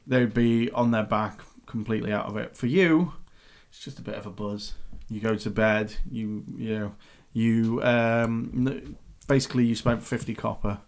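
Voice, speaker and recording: A man's voice: lowish voice, fairly even intonation, normal speed. A man acting as dungeon master, narrating a tabletop game in a chatty way with laughing asides.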